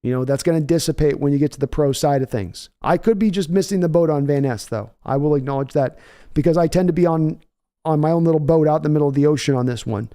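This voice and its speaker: A man hosting a podcast, answering viewer questions in a loose, off-the-cuff way. His voice sits a little high, with a soft, mellow tone. He thinks aloud and often restarts his sentences. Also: fast, smooth. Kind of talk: casual chat.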